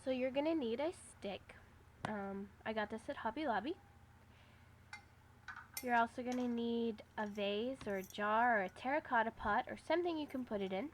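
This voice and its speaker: A woman's voice: a little high, moderate pace, a little hiss or hum. A woman talking casually through a do-it-yourself craft tutorial, giving step-by-step instructions with the odd "um". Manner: chatty, step-by-step instructions with fillers. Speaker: craft vlogger.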